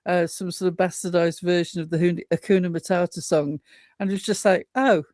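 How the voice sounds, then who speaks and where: A woman's voice: lowish voice, little pitch movement, brisk, mellow, no echo, clean studio sound. Chatty woman co-host. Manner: chatty, indignant storyteller. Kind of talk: casual live-stream chat.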